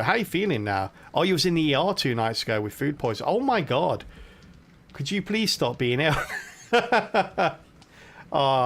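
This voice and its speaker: A man's voice: mid-range voice, a bit bright. A young British man casually commentating his game on a live stream, chatty and laughing often as he talks to his viewers.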